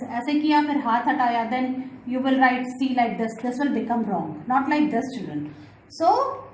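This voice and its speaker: A woman with a fairly high voice leads a kindergarten lesson. She draws out each letter sound slowly and keeps repeating words. She calls out to the children often, guiding them step by step. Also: slight background noise, rough recording. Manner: slow, drawn-out phonics sounds. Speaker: kindergarten teacher. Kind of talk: classroom lesson.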